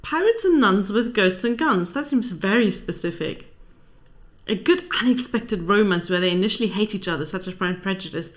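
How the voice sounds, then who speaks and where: A woman's voice: mid-range voice, lively intonation, normal speed. Dry-witted woman book vlogger. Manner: wry, dry asides. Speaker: book channel host. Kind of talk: casual chat reading out viewer answers.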